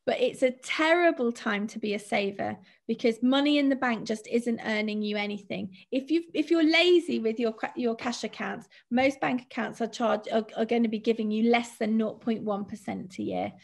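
Lady financial adviser, slightly high voice, talks it through with ums. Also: normal speed, gravelly, hardly any pauses. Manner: explanatory, steady, thinks aloud with fillers. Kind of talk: presenting a finance talk.

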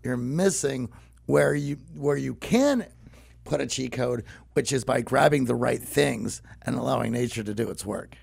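A man's voice: medium pitch, a little slow, gravelly, darkish tone, slightly rough. A man co-hosting a podcast in casual conversation, adding emphatic points to his partner's explanation. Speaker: podcast co-host.

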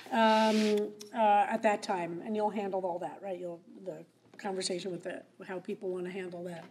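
A woman's voice: on the high side, a little mellow. A woman rabbi speaking as a guest at a meeting, earnest with wry asides. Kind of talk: public talk. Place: meeting room.

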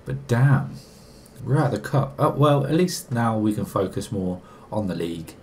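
A young man giving excitable, casual commentary while playing a football game, arguing back at the screen and laughing. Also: lowish voice, moderate pace, faint music behind. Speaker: gaming YouTuber.

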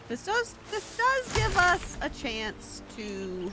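A woman's voice: very high voice, huge pitch swings, takes it slowly, background noise. A woman streamer giving casual gameplay commentary, blunt and crude with jokes. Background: game music.

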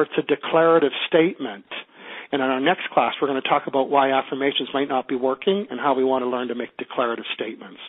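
Over a tinny phone line, a Canadian-accented man teaches a teleclass in an upbeat, coaching style, asking his students questions. His voice is on the high side with a breathy edge.

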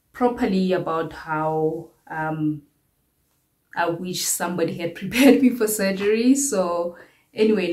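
A woman's voice: on the low side, a little mellow. A young South African woman giving a candid, rambling update to her viewers and often repeating her phrases. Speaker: vlogger.

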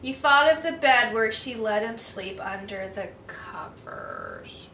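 A woman reading a picture book aloud to children in an animated way, asking her listeners questions as she goes. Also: medium pitch, slow, vocal fry. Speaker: children's storyteller. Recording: echoey room, distant mic, faint hiss.

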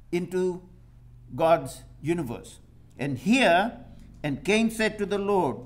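A man preaching a sermon, reading scripture aloud and putting questions to his listeners. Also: high voice. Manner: reads scripture aloud and asks the congregation questions.

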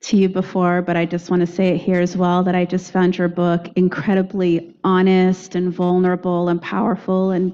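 A woman's voice: mid-range voice, a little mellow. A woman in the audience, speaking earnestly and effusively and searching for her words as she asks a question. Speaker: audience member. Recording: muffled audio in a reverberant hall.

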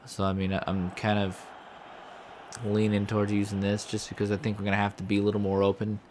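A man's voice: on the low side, completely flat delivery, fast, a little mellow. A man giving casual gameplay commentary as a let's-play host, frustrated, rambling and swearing often. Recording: audible background noise.

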